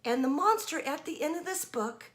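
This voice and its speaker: A woman's voice: expressive, normal speed, fairly bright tone. A woman doing Grover, the nervous furry monster. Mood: cheerful. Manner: high, pleading, sing-song storybook voice. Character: lovable furry male monster, nervous and excitable.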